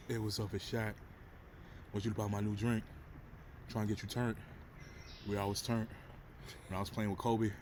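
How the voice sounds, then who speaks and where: A man doing an impression of a huge basketball star, with a slow, breathy drawl that sounds out of breath. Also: fairly low pitch, flat delivery, noisy background, close to an everyday voice. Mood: boastful.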